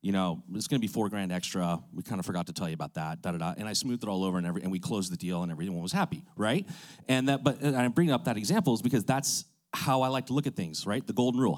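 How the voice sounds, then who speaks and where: A man's voice: on the low side, a little mellow. A man who runs a real estate business, telling a story in a chatty way, full of fillers and asides. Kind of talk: casual storytelling.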